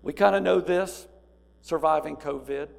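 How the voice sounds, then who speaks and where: A man preaching a sermon, moving between quiet, musing passages and loud, emphatic cries. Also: fairly high pitch, moderate pace, creaky. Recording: reverberant hall with faint mains hum.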